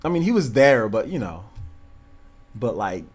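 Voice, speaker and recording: Lively laughing man in his thirties. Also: mid-range voice, a little slow, breathy edge. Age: 30s. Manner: rambling storytelling, frequent laughter. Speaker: livestream host. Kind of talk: casual livestream chat.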